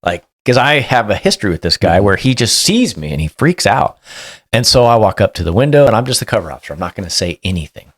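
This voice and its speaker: A man with a very low voice tells a story as a police sergeant. He keeps it casual and lively, acting out quotes along the way. The sound is dry and close. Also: fast talker, no room sound. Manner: animated, acts out quotes. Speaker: police sergeant, podcast guest.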